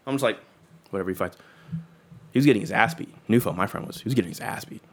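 A young man tells a story casually in slangy talk, swearing freely and acting out what people said. His lowish voice is creaky, and he speaks very fast.

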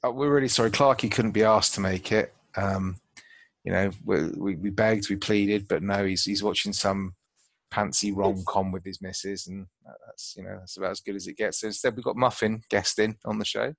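A man's voice: on the low side, steady tone, moderate pace, creaky, dry recording. A man hosting a podcast, joking and rambling in casual banter. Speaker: podcast host.

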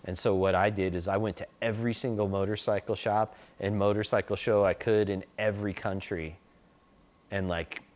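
A man's voice: lowish voice, fairly even intonation, moderate pace, a little mellow. A middle-aged man telling stories in a loose, rambling way, full of "like" and "you know". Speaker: interview guest. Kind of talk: casual storytelling.

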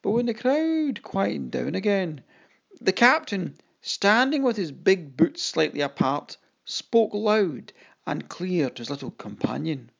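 An audiobook narrator giving a dramatic, expressive first-person reading and voicing the quoted lines. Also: medium pitch, measured pace, creaky.

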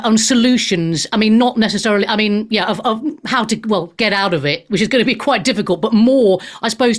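Chatty woman hosting a talk show. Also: medium pitch. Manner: chatty, loosely phrased questions. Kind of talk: casual interview chat.

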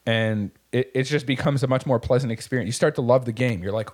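A man's voice: medium pitch, quick pace, few pauses, darkish tone. A man in casual chat, talking in a profane, impassioned, motivational way about growth through hard times. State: tearing up.

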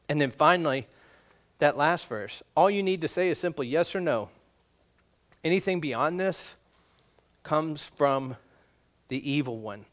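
A middle-aged man preaching a sermon in a relaxed, conversational way, cracking jokes and asking the kids questions. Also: fairly high pitch, a little slow, long pauses. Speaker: guest preacher.

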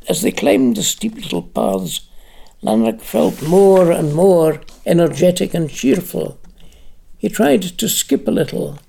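A narrator giving a measured, expressive reading of a literary audiobook. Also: medium pitch, vocal fry, breathy edge.

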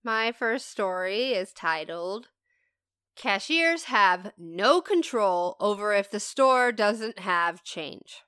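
A woman's voice: mid-range voice, animated, slow, fairly bright tone, clear, resonant tone, no echo, clean studio sound. A woman co-hosting a casual chat podcast who talks bluntly and swears freely. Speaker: podcast co-host.

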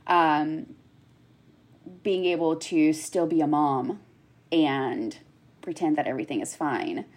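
A woman's voice: low voice, takes it slowly, a little mellow. A woman speaking candidly and emotionally in a conversation, with many fillers. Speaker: guest, cancer survivor.

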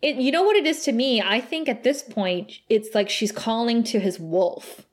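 A woman co-hosting a casual recap podcast, animated and laughing often as she retells scenes. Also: fairly high pitch, normal speed. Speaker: podcast co-host.

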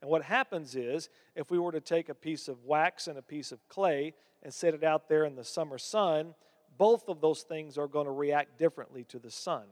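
High-voiced male preacher in reverberant hall. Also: normal speed. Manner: animated storytelling, voice climbs when excited. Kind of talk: sermon.

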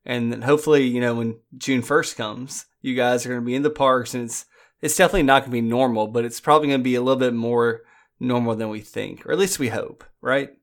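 A man co-hosts a casual podcast chat at an ordinary pitch. He keeps joking and teasing the others, with laughter breaking in often. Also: steady tone, fast talker. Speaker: podcast co-host.

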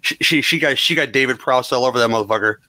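A man chatting casually about movies on a podcast, dropping wisecracks and slow, drawled asides. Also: medium pitch, pushed and bright, no room sound.

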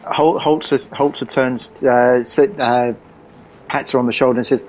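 Halting male player voicing his character, full of uhs and restarts. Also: mid-range voice, fairly even intonation, a little mellow, slight background noise, poor audio. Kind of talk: role-playing a character at the table.

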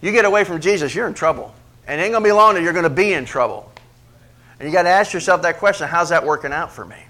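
A man preaching a sermon as pastor, questioning the congregation and swinging from quiet asides to emphatic, loud peaks. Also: animated, quick pace. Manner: preaches with big swings in pitch and loudness, rising to emphatic peaks; asks the congregation questions directly.

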